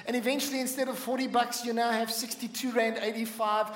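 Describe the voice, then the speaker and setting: A man preaching a sermon as pastor, animated, acting out little scenes and calling for amens. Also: extremely high pitch, a little fast, reverberant. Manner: animated preaching with voiced asides and congregation call-outs. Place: church.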